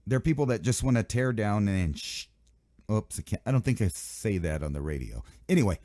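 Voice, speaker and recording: A man's voice: on the low side, sing-song, a little fast, warm tone, no echo, studio quality. A male radio host giving a rambling, sarcastic talk radio monologue.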